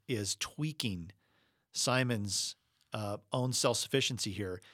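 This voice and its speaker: A man's voice: medium pitch, a bit bright, no room sound, studio quality. A man teaching a sermon-style Bible lesson in a conversational, emphatic way with frequent fillers. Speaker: preacher.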